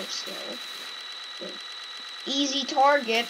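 A woman giving casual, excitable gameplay commentary and shouting at the game. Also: a little high, unhurried, noisy background. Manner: excitable, yelps and shouts at the game, self-mocking. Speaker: gaming YouTuber.

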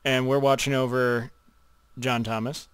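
In a clean-toned, mid-range voice with a flat delivery and measured pace, a young YouTuber addresses the camera at home. He's casual, drifts into rambling and mumbling, and makes numerous false starts and retakes.

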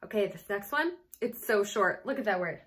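A female teacher leads young children through a phonics lesson, sounding out letters and syllables and prompting them with gentle patience. Her mid-range voice is expressive with a breathy edge, and she speaks at a moderate pace.

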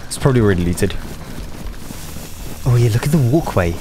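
A man hosting a gaming channel, narrating and chatting with teammates, excitable and nervous. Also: medium pitch, background noise. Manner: excitable, nervous, quick reactions. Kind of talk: gameplay voice chat and narration.

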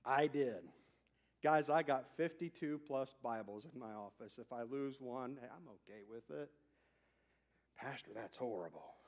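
A man's voice: medium pitch, moderate pace. A male pastor preaching a sermon, emphatic and building in intensity, with chatty asides to his congregation. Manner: emphatic, rising to near-shouts on key points. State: out of breath.

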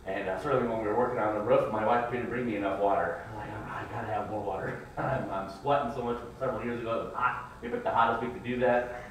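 A man's voice: medium pitch, steady tone, fast talker, a little hiss or hum. Man preaching in an echoey church. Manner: folksy storytelling, acts out his kids' whining voices. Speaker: pastor. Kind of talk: sermon. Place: church sanctuary. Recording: echoey church room, mic at a distance.

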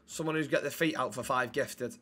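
Sweary streamer with a bright voice. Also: male voice, mid-range voice, fairly quick. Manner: sweary, blunt banter with chat. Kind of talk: live-stream chat while gaming.

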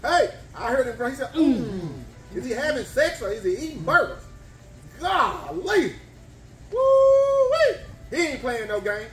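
A man loudly cheering on an eating challenge in a restaurant, whooping and repeating himself. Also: extremely high pitch, normal speed, far from the mic, faint music behind. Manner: excited, repetitive hollering and whooping. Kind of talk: loud cheering commentary. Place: bar and grill dining room. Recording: echoey restaurant room.

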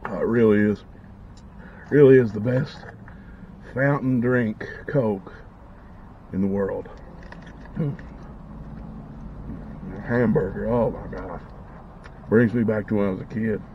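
This casual eating vlog features a man with a lowish voice who takes his time and pauses often, chewing and relishing each mouthful as he talks through it. There's slight background noise on the dull, lo-fi audio.

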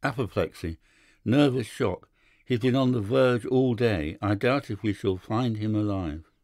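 A man's voice: fairly low pitch, measured pace, darkish tone, dry recording, clean studio sound. A man voicing a worried, careworn young man who speaks tersely in an audiobook. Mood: grave. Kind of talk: audiobook character voice.

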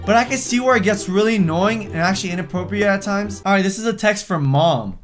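Young male reaction host, high voice, sarcastic running commentary, faint music under it. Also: fast, hardly any pauses. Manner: sarcastic, reads texts aloud in put-on voices.

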